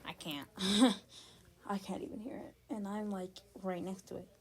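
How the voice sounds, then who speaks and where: A woman's voice: medium pitch, fairly even intonation, moderate pace, breathy edge. A young woman giving casual gameplay commentary, chatty and exasperated, talking straight to her viewers. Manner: chatty, exasperated, talks to chat. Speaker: gaming vlogger.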